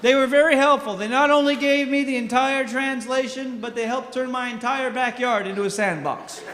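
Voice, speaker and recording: A man's voice: very high-pitched, fairly even intonation, normal speed, a bit bright. A middle-aged man doing a stand-up comedy set, telling self-mocking stories with punchy delivery. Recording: echoey hall with long reverb, faint noise.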